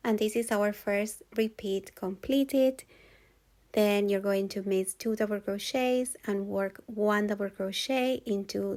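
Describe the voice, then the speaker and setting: A woman giving a calm, patient step-by-step crochet tutorial voice-over, repeating each step clearly. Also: mid-range voice. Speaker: crochet instructor.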